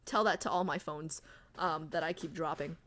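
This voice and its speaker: A woman's voice: low voice, moderate pace, fairly bright tone. A woman streamer in casual livestream chat, chatty and giggly, reading viewer comments aloud.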